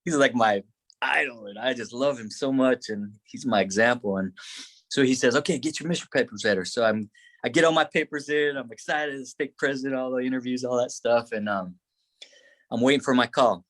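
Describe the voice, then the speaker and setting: A man's voice: medium pitch, normal speed. Rambling, emotional male storyteller. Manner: rambling, many restarts, acts out his own past words; grows excited and tearful in the telling. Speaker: podcast guest.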